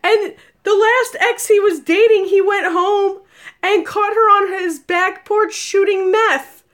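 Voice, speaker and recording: A woman in her forties telling a story on a live video, animated and laughing, with loud exclamations. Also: very high voice, slow pace. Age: 40s. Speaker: vlogger.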